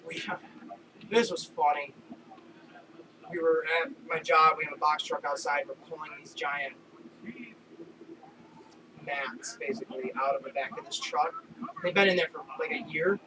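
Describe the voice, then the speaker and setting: A man with a New York accent co-hosting a casual wrestling podcast, telling loud, animated stories and swearing freely. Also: on the high side, normal speed, long pauses. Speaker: podcast co-host. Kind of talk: casual chat watching wrestling. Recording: distant mic with clear background noise.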